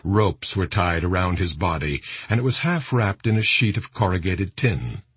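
A man narrating an audiobook in a grave, expressive reading. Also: low voice, moderate pace, slightly rough, dry recording.

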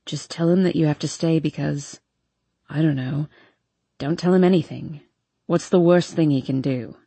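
A woman doing a low, husky drunk young man. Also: fairly even intonation, normal speed, mellow, dry recording. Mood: coaxing. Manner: low murmuring, slurred and pleading.

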